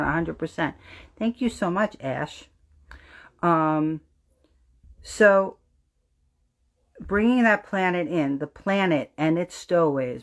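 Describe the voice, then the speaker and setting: A woman with a New Jersey accent hosting a spiritual astrology livestream, talking emphatically and preachily to her viewers, swearing freely and dropping to an intent low voice for emphasis.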